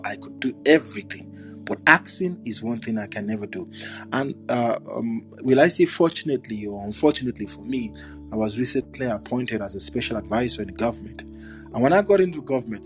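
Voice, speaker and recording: A man hosting a discussion, speaking slowly and deliberately with many pauses and ums. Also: medium pitch, faint music behind. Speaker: host. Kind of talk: hosted discussion.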